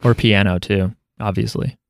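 A man hosting a podcast, chatting casually with offhand, deadpan jokes. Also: fairly low pitch, normal speed, vocal fry, no room sound, clean studio sound. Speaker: podcast host. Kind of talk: casual chat.

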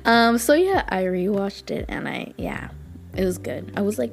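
Reviewing dramas in a casual podcast chat, a young female host gushes and rambles, repeating herself and using lots of fillers. She speaks at medium pitch and a moderate pace, very animated and with vocal fry, over soft background music.

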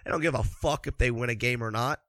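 Talking fast in a mid-range, slightly bright voice with no room sound, this man delivers profane, ranting hockey commentary. He's sarcastic, swears nonstop, is furious about hockey, and sounds a little stuffy from allergies.

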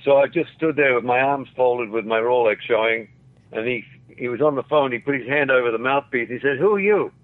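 A man's voice: medium pitch, fairly even intonation, fairly quick. Older man, Australian accent, rambling storyteller, narrow phone-like line. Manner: rambling, chuckling, acts out quotes. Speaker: interview guest, former actor. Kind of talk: anecdotal storytelling.

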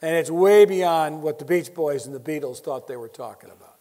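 A man's voice: a little high, normal speed, warm tone. A man preaching a sermon, emphatic and building his points through repetition, with wry asides to the audience. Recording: long hall reverb.

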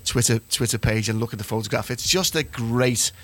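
A man's voice: medium pitch, fairly quick, a bit bright. A man hosting a football podcast, chatty and agreeable. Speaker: podcast host. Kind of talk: casual football chat.

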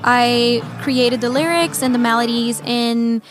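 Speaking unhurriedly in a fairly high, steady voice, a young woman singer from Brazil, with a Brazilian Portuguese accent, is a guest in a relaxed interview. She talks about her music in an upbeat way and laughs a lot.

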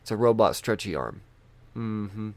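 A man's voice: on the low side, big pitch swings, unhurried, dry recording. A man chatting casually about new releases, rambling and loosely profane, thinking aloud as he goes. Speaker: comic book vlogger. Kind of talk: casual chat.

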